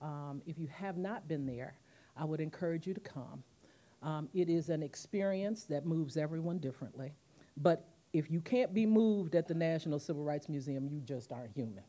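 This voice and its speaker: Animated woman in her fifties giving a speech. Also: sits low, moderate pace. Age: 50s. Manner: animated storytelling, acting out quotes. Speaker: guest speaker, museum president. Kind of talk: commemorative speech. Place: university auditorium.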